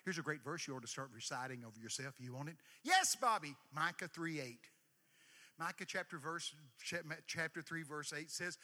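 A man preaching, his voice bright and cutting, pitched a little high. He leaps up and down in pitch, dropping to near-whispers and then shouting out lines. The sound rings with long reverb from a big hall. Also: a little fast. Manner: emphatic preacher, swings from hushed to shouting, call-and-response with the crowd. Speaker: pastor. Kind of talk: sermon.

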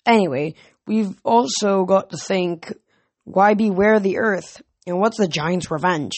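A reader voicing a blunt, gruff teenage girl. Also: medium pitch, unhurried, dry recording. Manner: blunt, growling. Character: gruff teen girl from a forge cabin.

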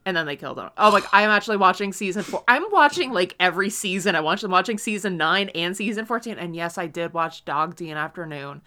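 A young woman co-hosting a casual podcast, reviewing a TV episode in an animated way, swearing and laughing often. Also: fairly low pitch, fast, few pauses. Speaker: podcast co-host.

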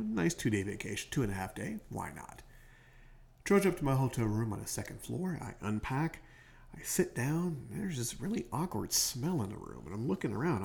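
On his own podcast, a man tells a meandering story from a hotel room in a relaxed late-night monologue, often stopping to fix what he just said. His mid-range voice is slightly mellow with some vocal fry, recorded on a home podcast mic.

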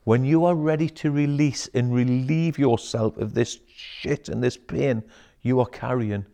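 Guy coaching type, gets really animated, swears a lot, says aye and mate, interview chat. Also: mid-range voice, measured pace, vocal fry. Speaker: guest, emotional intelligence coach. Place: wellness centre.

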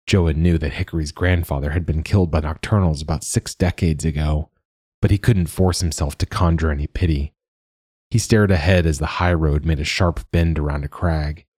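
Deep husky male audiobook narrator. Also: fairly even intonation, moderate pace, a little mellow, dry recording, studio quality.

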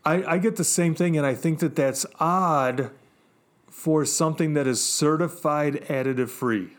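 Man, slightly high voice, upbeat, eager, casual podcast talk. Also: unhurried. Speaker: podcast co-host. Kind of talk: casual tasting chat.

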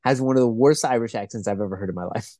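Young male co-host, mellow voice, dry close sound, profane and rambling. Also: medium pitch, rapid-fire, dry recording. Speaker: podcast co-host. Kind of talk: casual chat.

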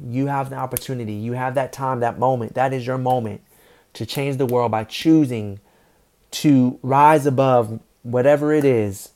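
A man giving an unscripted, faith-based motivational talk, earnest and repetitive, with frequent restarts and throat-clearing. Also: mid-range voice, dark tone. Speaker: motivational speaker.

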